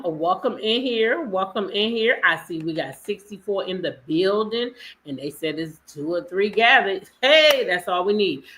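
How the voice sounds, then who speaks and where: A sassy woman hosts a casual live chat, calling out viewers by name. Her voice is bright and forward, and she talks at an easy, unhurried pace. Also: mid-range voice. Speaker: livestream host.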